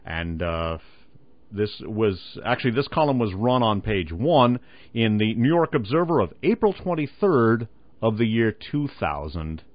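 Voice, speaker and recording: A man's voice: fairly low pitch, very animated, dry recording. Man reading news on lo-fi radio. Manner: measured, emphatic reading with asides. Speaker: radio host. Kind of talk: reading a news article on air with commentary. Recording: dull lo-fi radio broadcast.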